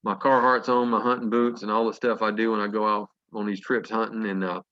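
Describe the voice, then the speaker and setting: A man's voice: on the low side, little pitch movement, brisk, muffled recording. A Southern man in his fifties from North Carolina, telling earnest, folksy stories as a motivational speaker on a video call. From North Carolina, USA. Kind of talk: motivational storytelling.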